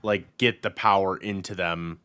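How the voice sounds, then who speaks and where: A man's voice: deep voice, steady tone, a little slow, sharp tone, clean tone. A man on a podcast panel in casual chat, speaking hesitantly and asking questions.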